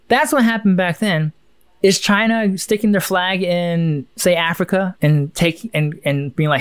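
A man's voice: on the high side, steady tone, fairly quick, clear, resonant tone, no room sound. A man co-hosting a casual podcast, thinking aloud in a musing, rambling way with many restarts. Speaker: podcast co-host.

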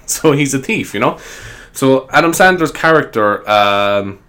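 Rambling, laughing man with a bright voice. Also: medium pitch, lively intonation, a little slow. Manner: rambling, laughs often, full of fillers. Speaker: comedy vlogger. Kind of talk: rambling comedic monologue.

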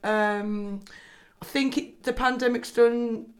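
Chatty Scouse woman, fairly high voice. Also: steady tone, slow. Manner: chatty, lots of "like" fillers, laughs often. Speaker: guest, personal trainer and business owner. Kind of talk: casual podcast chat.

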